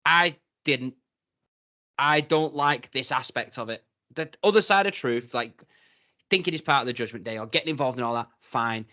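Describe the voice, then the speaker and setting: A man's voice: medium pitch, moderate pace. A man co-hosting a wrestling review podcast, chatting casually and rambling with lots of restarts. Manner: rambling, hesitant, quotes people in animated voices. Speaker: podcast co-host. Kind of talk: casual chat.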